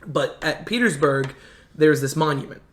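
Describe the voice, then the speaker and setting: A man in casual conversation telling history stories in a halting way, full of restarts. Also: a little high, slight background noise. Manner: rambling, halting history storyteller with many restarts. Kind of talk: casual storytelling chat. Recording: echoey room.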